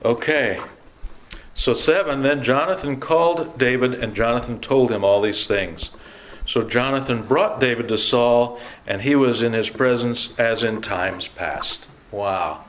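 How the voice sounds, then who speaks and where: A man's voice: medium pitch, unhurried, slight background noise. A man teaching an adult Bible class in a classroom, talking casually and asking the class questions. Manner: conversational, asks the class questions. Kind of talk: leading an adult Bible study.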